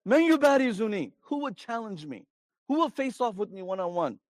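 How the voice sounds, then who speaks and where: A preacher voicing a proud grown warrior who shouts challenges at the enemy ranks and mocks them for hiding. The voice sits fairly high, and the sound is close and dry with no room around it. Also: male voice, animated, rapid-fire, no room sound. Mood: taunting. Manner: taunting, challenging. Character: boastful grown male warrior taunting foes.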